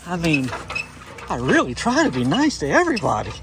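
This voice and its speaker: A man's voice: a little high, wildly swooping pitch, fairly quick. A man filming a casual work vlog, muttering sarcastic complaints while he washes a house outdoors. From United States. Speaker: pressure washing business owner. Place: outdoors at a house job site. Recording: noisy outdoor sound.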